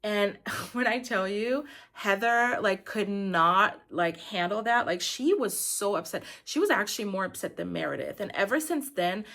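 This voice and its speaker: A woman's voice: mid-range voice, expressive, moderate pace, gravelly, a bit bright. A woman giving a casual, opinionated recap of a reality show, chatty and filling her talk with "like". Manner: chatty and opinionated, saying "like" constantly. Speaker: recap YouTuber.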